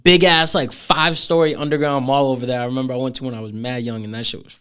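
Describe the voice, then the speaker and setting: A man's voice: medium pitch, fairly even intonation, fast talker, a bit bright, clear, resonant tone. A young man hosting the show in casual chat, bantering in profane slang. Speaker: host.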